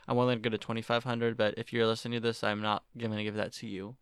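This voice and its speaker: A woman's voice: rumbling low, level tone, fast, smooth, no echo, clean studio sound. A woman in her twenties from Oklahoma, co-hosting a podcast in rambling, self-mocking casual chat. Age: 20s. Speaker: podcast co-host.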